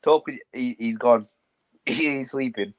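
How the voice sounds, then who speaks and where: A man's voice: medium pitch, a little slow. A young man, a guest on a football chat, teasing and mocking his rival, repeating taunts between laughs. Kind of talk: casual banter.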